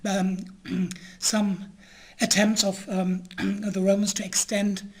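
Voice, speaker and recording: A man whose first language is German, giving an online history lecture in a hesitant way, with many pauses and an occasional throat-clear. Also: high-pitched, flat delivery.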